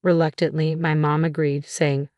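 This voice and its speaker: A woman reading a first-person drama story aloud in an even, measured scripted narration. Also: deep voice, no echo, clean studio sound.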